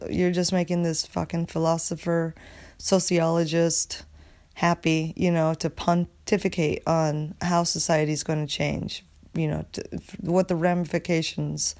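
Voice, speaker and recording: Rambling, swearing woman podcaster, lowish voice. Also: darkish tone. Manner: rambling, profane, heavy filler words. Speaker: podcast host. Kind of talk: casual solo podcast rant.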